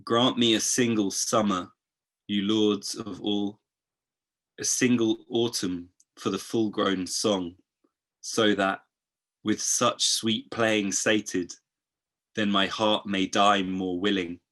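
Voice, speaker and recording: Slow low-voiced man reading poems. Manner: expressive reading with hesitant chatty asides. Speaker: poet. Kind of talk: poetry reading.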